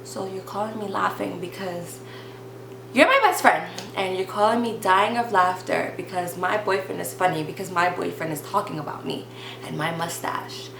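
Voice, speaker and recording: A young woman telling a personal story in a casual vlog, chatty and animated, with lots of "like" and quick restarts. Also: on the low side, vocal fry, echoey room, background noise.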